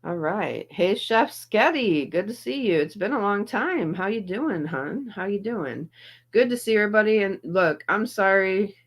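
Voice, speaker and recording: A woman's voice: medium pitch, lively intonation, moderate pace. A middle-aged woman hosting a livestream, chatting casually and greeting her viewers by name while in some pain and feeling a little off. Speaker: livestream host reacting to videos.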